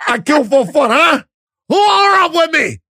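A man putting on a loud, menacing Jamaican gangster voice, shouting threats and boasts. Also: very high-pitched, very animated, unhurried, no echo, clean studio sound, pitched above the performer's own voice, full character voice. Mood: boastful.

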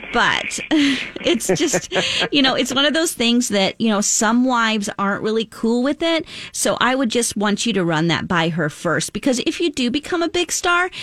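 Brief: woman radio host, higher voice, dry booth sound, earnest prank-call pitch, barely holding in laughs. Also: fairly bright tone, no room sound. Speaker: radio morning show host.

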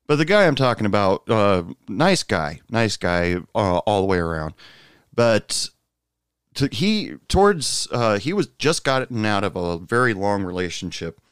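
A man casually telling a long personal anecdote, rambling with fillers and asides, jumping up in pitch when quoting others. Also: very animated, measured pace, a bit bright, smooth, dry recording, clean studio sound. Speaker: storyteller.

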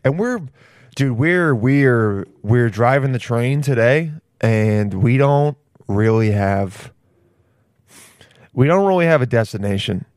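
Dude host rambling on his podcast, mid-pitch guy, dry room. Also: a little mellow, no echo. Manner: rambling, slangy, hyped-up, lots of "dude". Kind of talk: casual solo podcast monologue.

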